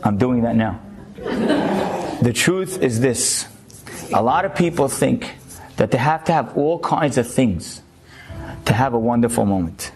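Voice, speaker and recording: A man's voice: mid-range voice, lively intonation, unhurried, darkish tone, a little hiss or hum. A man giving a short Torah lecture as a rabbi, telling a story with energy and then urging his listeners in earnest.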